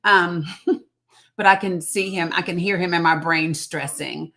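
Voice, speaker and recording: A woman's voice: on the low side, measured pace, bright, forceful tone. Chatty, emphatic woman streaming from home. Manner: chatty and emphatic, repeats points, greets viewers by name. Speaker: livestream host. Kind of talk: casual livestream commentary.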